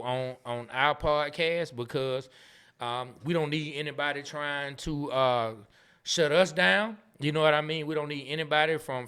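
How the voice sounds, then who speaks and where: A man from Atlanta, co-hosting a casual sports and culture podcast, laughing often and repeating words when excited. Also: a little high, smooth. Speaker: podcast co-host.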